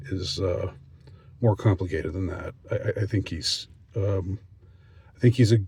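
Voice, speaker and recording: Halting low-voiced man reading aloud. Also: darkish tone, no room sound. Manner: halting, many restarts and fillers, mocking asides. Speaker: commentator reading a news story. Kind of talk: casual commentary and reading aloud.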